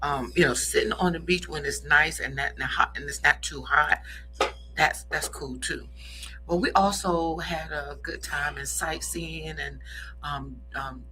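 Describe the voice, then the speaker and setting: A woman's voice: low voice, measured pace, pushed and bright, soft background music, poor audio. A woman co-hosting a radio chat show, animatedly telling stories to listeners she calls y'all. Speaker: co-host. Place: radio studio.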